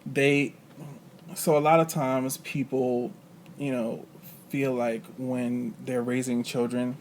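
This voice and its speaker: A man, a husband and father, talking thoughtfully with frequent pauses and filler sounds. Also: mid-range voice, level tone, slight background noise. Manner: measured, thoughtful, many pauses and ums. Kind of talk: casual chat.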